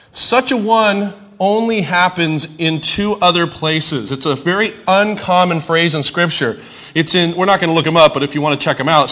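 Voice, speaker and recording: Guy with a pretty high voice teaching scripture, chatty, asks the room questions. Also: pushed and bright. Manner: conversational, asks the audience questions, light humor. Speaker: Bible teacher. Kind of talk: Bible class teaching.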